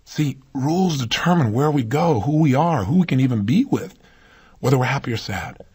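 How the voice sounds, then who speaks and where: A man's voice: mid-range voice, animated, normal speed, darkish tone, husky. A man giving a motivational talk, speaking emphatically and putting rhetorical questions to his listeners.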